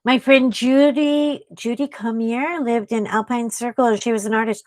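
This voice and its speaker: This is a woman hosting a craft live stream, chatting easily and excitably with her viewers. Her voice sits fairly high and she takes her time, letting words stretch out. The sound is close and dry, with no room around it. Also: measured pace, few pauses, no room sound. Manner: frequent gasps and "oh my God" exclamations. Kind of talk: casual live-stream chat.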